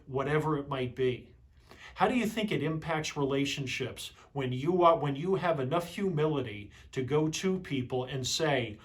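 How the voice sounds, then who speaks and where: A middle-aged man teaching leadership skills in a measured, explanatory way, posing rhetorical questions to his viewers. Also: medium pitch. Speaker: leadership trainer. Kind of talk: instructional talk to camera.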